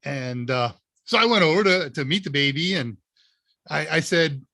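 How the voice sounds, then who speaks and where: A man from Northern Ohio hosts a live question-and-answer stream with a bright, forceful voice that sits a little high. He chats casually and wanders off into anecdotes, padding his sentences with fillers. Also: animated, moderate pace. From Northern Ohio, USA. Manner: rambling anecdotal storyteller with many fillers. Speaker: live Q&A show host.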